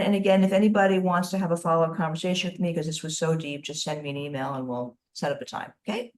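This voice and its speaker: A woman's voice: deep voice, steady tone, fast, hardly any pauses, darkish tone. A woman leading a group writing webinar over a video call, emphatic and encouraging, often repeating phrases. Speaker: workshop leader.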